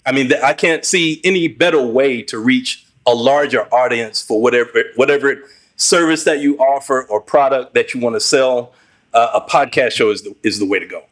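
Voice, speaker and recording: A man as a podcast guest in casual conversation, encouraging and leaning on fillers. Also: mid-range voice.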